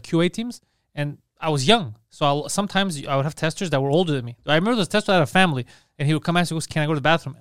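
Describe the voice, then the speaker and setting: A man's voice: on the high side, clean tone, no room sound, clean studio sound. A young man, trading blunt, profane stories as a podcast co-host. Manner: blunt, profane storytelling with laughs. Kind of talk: casual chat.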